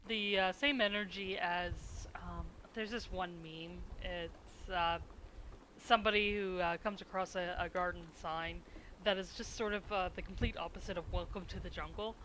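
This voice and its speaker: A streamer rambles to chat at a slow, easygoing pace while drawing emotes, chuckling between thoughts. The voice is bright and a touch sharp. A faint background noise sits under the talk. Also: mid-range voice, fairly even intonation, low-quality recording.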